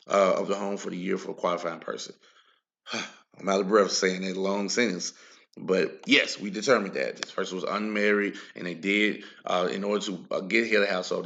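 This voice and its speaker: A man walking viewers through tax software in a screen-recorded tutorial, repeating key points and calling them guys. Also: low voice, vocal fry.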